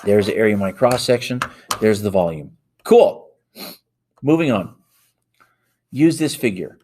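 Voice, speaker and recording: In this math lesson, a man with a lowish, slightly mellow voice speaks expressively at a normal pace, with a little hiss or hum in the background. He works examples step by step aloud while typing on a calculator, correcting himself as he goes.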